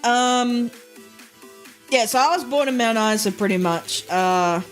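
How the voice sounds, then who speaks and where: A woman's voice: a little high, unhurried, faint music behind. A young woman from Queensland with an Australian accent, chatting casually on a live stream, rambling with lots of fillers and frequent giggles.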